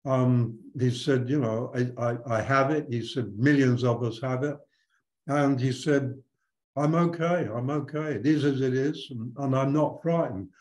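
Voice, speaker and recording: An older man talks in a thoughtful, storytelling way, often restarting his sentences. His voice sits at an ordinary pitch for a man. The room around him is roomy and echoey. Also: unhurried, a little mellow. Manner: reflective, anecdotal, frequent restarts. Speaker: spiritual teacher guest. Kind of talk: conversational interview storytelling.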